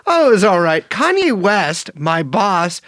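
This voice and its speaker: Lively, high-voiced man joking around. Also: measured pace. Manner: joking, laughing, animated asides. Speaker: podcast co-host. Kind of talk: casual chat.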